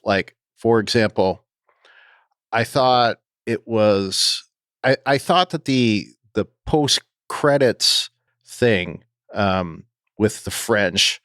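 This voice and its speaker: A man co-hosting a podcast, talking casually and haltingly with many ums and restarts. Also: on the low side, fairly bright tone, dry recording, clean studio sound. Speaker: podcast co-host.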